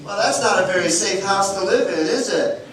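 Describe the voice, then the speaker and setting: A man's voice: high-pitched, expressive, moderate pace. A male pastor giving a playful children's sermon, asking the kids questions as he shows them props. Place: church sanctuary. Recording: very echoey church hall from a distance with room noise.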